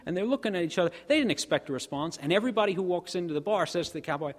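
A male pastor preaches in a fairly high, animated voice that rises and falls widely. He poses rhetorical questions and moves between quiet and emphatic phrases. His voice trails into a long church reverb. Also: very fast, few pauses. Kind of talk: sermon.

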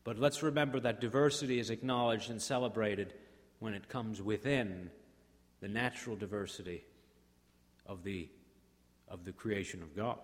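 A man preaching a sermon as pastor, swinging between hushed, drawn-out phrases and rousing, repetitive build-ups. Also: fairly low pitch. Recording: long hall reverb.

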